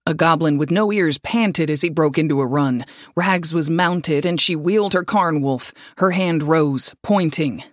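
A man reading fantasy fiction aloud as an audiobook narrator, in a measured, steady way. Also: a little high, no room sound, studio quality.

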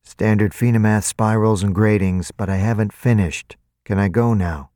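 A man's voice: on the low side, fairly even intonation, normal speed, dark tone, no room sound, clean studio sound, close to an everyday voice. A man doing a curt, impatient workaholic. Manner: terse, pointed.

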